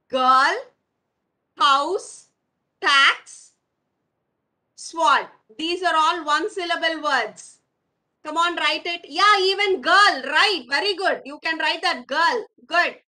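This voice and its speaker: A woman's voice: extremely high pitch, sharp tone, rough recording. A woman teaching young children online, repeating words for them and calling them "my dear children". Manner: calls pupils "my dear children", drills words slowly. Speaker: primary school English teacher.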